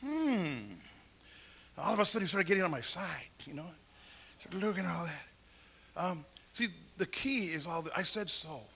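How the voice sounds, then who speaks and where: A man tells his testimony as a sermon, playing out each person in his story and climbing to shouts. His voice sits high and sounds gravelly. It also has a bright, husky edge. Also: sing-song, moderate pace. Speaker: preacher giving testimony.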